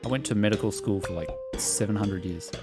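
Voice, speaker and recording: A man's voice: on the low side, brisk. Jokey young man streaming a game. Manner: jokey, chatty, laughing often. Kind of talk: casual game stream commentary. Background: music.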